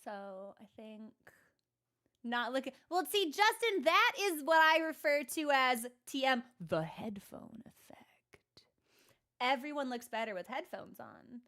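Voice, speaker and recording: A woman's voice: high voice, sing-song, measured pace, pushed and bright. A woman streaming a game, chatting casually in a rambling, sarcastic and self-mocking way with many fillers. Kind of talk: casual chat while gaming.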